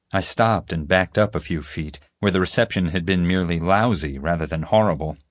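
Low-voiced man narrating a story. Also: brisk, hardly any pauses, dry recording. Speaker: audiobook narrator. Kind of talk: scripted first-person narration. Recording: dry close studio sound.

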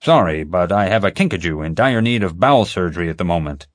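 A man's voice: low voice, animated, fast talker. A man doing a blunt, stubborn old vet. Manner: blunt, dry, dismissive. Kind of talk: audiobook character voice.

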